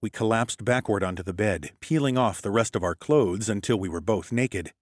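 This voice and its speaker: A man's voice: on the low side, moderate pace, no room sound. A man reading a first-person story as an audiobook narrator, in a cool, matter-of-fact delivery on a close mic.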